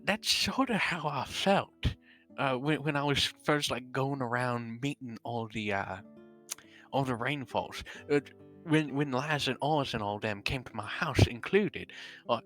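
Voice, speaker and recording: A man's voice: medium pitch, bright, forceful tone. A man chatting in character during a tabletop role-play, stammering now and then and calling others "mate".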